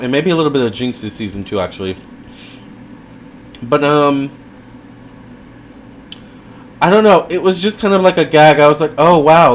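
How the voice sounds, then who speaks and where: A man's voice: medium pitch, a little hiss or hum. A man giving a casual video review, chatty and rambling, with lots of fillers and side remarks. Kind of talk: casual commentary.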